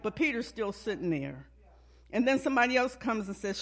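A man's voice: high-pitched, very animated, brisk, a bit bright. A man preaching a sermon, in an emphatic, repetitive preaching cadence.

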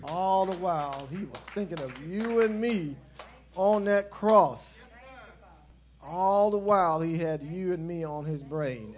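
Preacher man, high-pitched, emphatic repetitive sermon delivery. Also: takes it slowly. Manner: intense and rising, then softening.

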